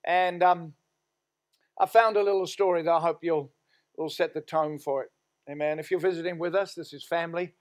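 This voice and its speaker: A middle-aged Australian man preaching a sermon to his church. His voice sits a little high for a man, and he tells stories in a relaxed, folksy way between prayers. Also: moderate pace. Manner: storytelling, folksy, prays aloud. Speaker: senior pastor. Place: church sanctuary.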